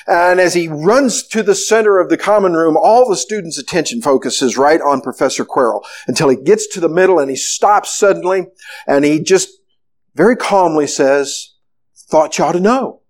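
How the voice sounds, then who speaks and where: A man's voice: a little high, moderate pace. A male pastor preaching a conversational sermon and asking strings of rhetorical questions.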